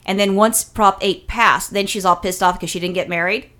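A middle-aged woman from California talks on a podcast in a casual, blunt way. She swears freely and tells her stories with animated energy. Her pitch sits right in the middle of the usual range for a woman. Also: normal speed. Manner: blunt, profane, animated storytelling. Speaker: podcast co-host.

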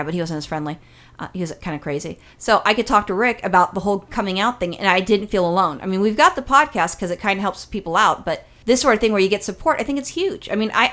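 A middle-aged woman from California, co-hosting a casual podcast, telling stories in a blunt, profane, animated way. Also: mid-range voice. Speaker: podcast co-host.

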